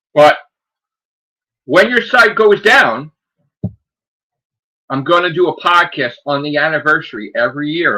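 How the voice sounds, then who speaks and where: A man's voice: fairly high pitch, bright, forceful tone, breathy edge, rough recording. A man hosting a gaming podcast, ranting defiantly and sarcastically, firing off rhetorical questions. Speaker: podcast host. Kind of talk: solo rant on a gaming podcast.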